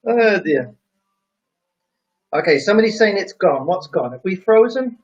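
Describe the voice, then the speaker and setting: Male stream host with a high voice and playful, chuckling manner as he reads out comments; dull, lo-fi sound. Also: big pitch swings, moderate pace, pauses often. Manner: reads viewer comments aloud and jokes, chuckling. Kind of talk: casual live stream chat.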